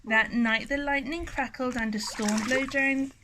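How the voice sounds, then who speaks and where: A young woman, a swimming teacher, reading a rhyming picture book aloud at a pool in a lively, rhythmic way. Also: high-pitched, measured pace, background noise. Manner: lively, rhythmic, sing-song storytelling.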